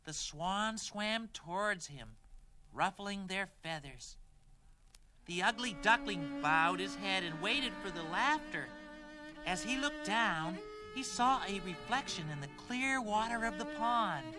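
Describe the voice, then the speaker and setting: A man voicing a big, gentle, childlike male bird who reads a children's story aloud in a wide-eyed, sing-song way. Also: high voice, expressive, slow pace, over music.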